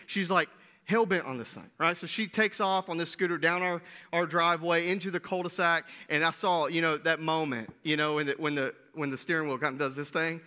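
A man preaching a sermon, swinging between loud bursts and hushed lines, often asking "right?". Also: fairly high pitch, fairly even intonation, quick pace. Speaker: pastor.

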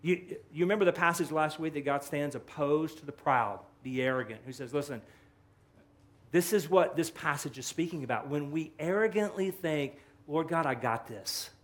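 A male pastor preaching an animated sermon, acting out quotes with rising and falling emphasis. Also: on the high side, moderate pace.

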